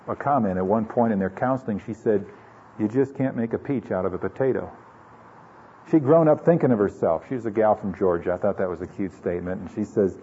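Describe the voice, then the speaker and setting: A man's voice: on the low side, mellow, slight background noise. A man from the United States preaching an earnest, conversational sermon full of rhetorical questions, in a dull lo-fi recording. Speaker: pastor.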